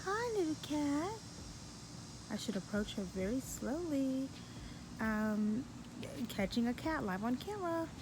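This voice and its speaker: A young woman chatting casually in a home vlog, joking about herself and squealing when she gets excited. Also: fairly high pitch, unhurried, background noise. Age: young adult. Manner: jokey, self-deprecating, squeals when excited. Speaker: vlogger. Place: home and backyard.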